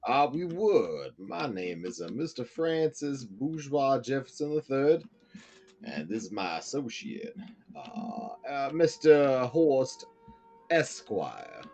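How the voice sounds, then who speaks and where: A man's voice: mid-range voice, very animated, slow pace, darkish tone, breathy edge, soft background music, voice pushed up, heavily acted. A man voicing a smarmy con man posing as a fancy businessman, speaking pompously. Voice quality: pompous, showy.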